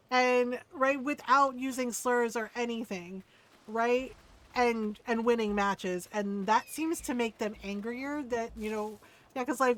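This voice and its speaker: A woman's voice: fairly high pitch, fairly bright tone. Chatty, profane woman streamer. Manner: chatty, profane, laughing, lots of fillers; also reads game story aloud at a brisk pace. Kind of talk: casual gaming stream chat.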